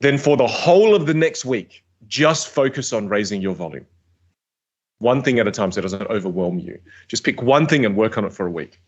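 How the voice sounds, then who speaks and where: A man coaching on communication in a podcast interview, energetic and emphatic, stressing points by repeating words. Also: fairly low pitch, fairly quick, breathy edge, muffled recording.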